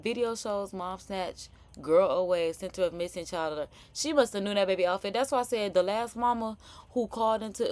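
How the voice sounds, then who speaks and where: A woman with a New Orleans accent hosting a live stream, reacting to news clips in slangy, animated, casual chat. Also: fairly high pitch. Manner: animated, chatty, slangy, laughing asides.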